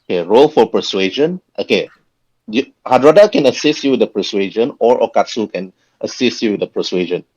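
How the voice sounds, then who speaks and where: A man acting as game master in a tabletop game, calling for rolls and narrating scenes. His voice sits on the low side for a man. He chuckles often and restarts his sentences. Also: lively intonation, darkish tone, husky, dull audio. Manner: chuckling, halting, with frequent restarts.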